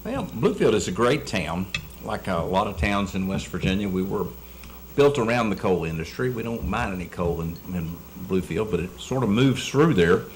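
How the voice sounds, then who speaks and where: A man with a notably deep voice chats over dinner in an easy, meandering way. He repeats words and drops fillers as he goes. A light hiss sits under the recording. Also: lively intonation, moderate pace. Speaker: dinner guest, state delegate. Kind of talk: casual chat over dinner.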